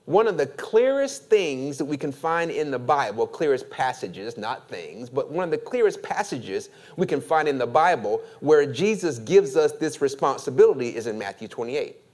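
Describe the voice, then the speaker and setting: A man preaching a sermon as pastor, slow and deliberate, asking his congregation for an amen. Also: medium pitch, big pitch swings.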